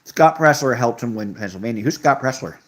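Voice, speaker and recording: A young man hosting a casual live stream, riffing on viewer comments in an offhand, sarcastic way. His voice sits at a middle pitch but swings up and down a lot as he talks. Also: lively intonation, fairly quick, fairly bright tone. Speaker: livestream host reading chat. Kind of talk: casual livestream chat.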